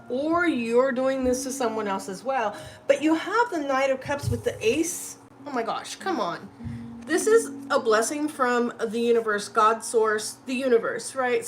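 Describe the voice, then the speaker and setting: A woman's voice: high-pitched, a bit bright. A woman hosting a live tarot reading, chatty and effusive, often tagging her lines with "literally" and "right?".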